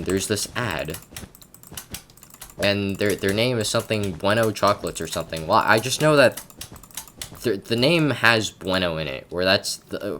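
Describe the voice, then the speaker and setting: A man's voice: on the low side, a bit bright, slight background noise. A man from Canada giving casual gameplay commentary at his computer, rambling and stammering with lots of repeated words and self-mocking asides. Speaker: gaming commentator.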